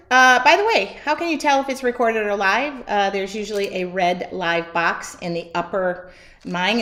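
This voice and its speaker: A woman's voice: on the high side, a bit bright. A woman teaching a live painting demo from her home studio, chatty and self-mocking, laughing at herself as she works. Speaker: art teacher.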